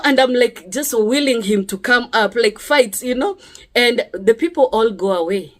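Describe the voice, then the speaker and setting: A woman's voice: a little high, lively intonation, moderate pace. A woman with a Kenyan accent earnestly recounting a personal story, checking in with the listener with frequent tag questions and restarting her sentences. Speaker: speaker sharing a personal testimony.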